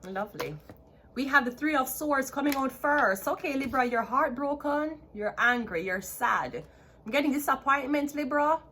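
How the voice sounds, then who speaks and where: Jamaican-accented female tarot reader, higher pitch, excitable and repetitive delivery. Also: moderate pace, slight background noise. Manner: excitable, chatty, repeats herself. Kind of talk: casual tarot reading to camera.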